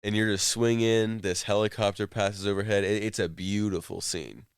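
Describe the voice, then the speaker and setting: A man with a low, smooth, resonant voice co-hosts a casual podcast chat. He rambles through the story of a game scene, leaning on "like" as he goes. The sound is dry and close. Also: steady tone, normal speed, dry recording. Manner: rambling storyteller, many "like" fillers. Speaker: podcast co-host.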